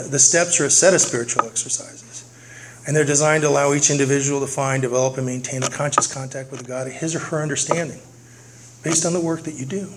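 A middle-aged man speaking at a recovery meeting, telling his story earnestly and repeating key phrases for weight. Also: medium pitch. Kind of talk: personal recovery testimony. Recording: noisy recording with clicks.

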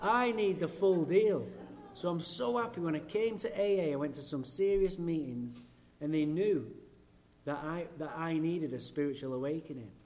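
A man's voice: a little high, expressive, moderate pace, warm tone. A man from England with an English accent, giving a blunt, profane and self-mocking personal talk at a recovery meeting.

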